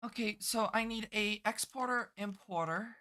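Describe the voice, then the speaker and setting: A woman's voice: mid-range voice, moderate pace, bright, forceful tone. A woman streaming a game, muttering to herself as she plans her build and swearing casually while she chats. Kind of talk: casual gameplay commentary.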